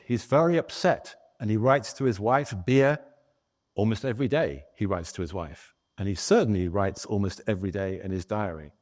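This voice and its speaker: A man giving a lively historical lecture as a guest author, telling a story and talking with the audience in the room. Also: lowish voice. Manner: animated storyteller, chatting with the audience.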